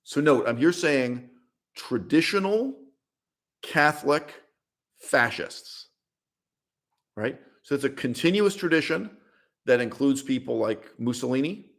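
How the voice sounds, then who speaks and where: A man's voice: mid-range voice, lively intonation, normal speed, creaky. A man hosting a language channel, giving a blunt, opinionated livestream monologue and laughing between points. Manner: emphatic, blunt, laughs mid-sentence, repeats words. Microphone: streaming setup mic.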